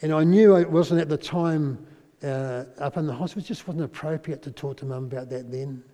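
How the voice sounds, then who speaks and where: A man preaching a sermon, telling a personal story and dropping to a soft, quiet voice at emotional moments. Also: fairly high pitch, fairly quick. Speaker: pastor. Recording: long reverb in a large hall.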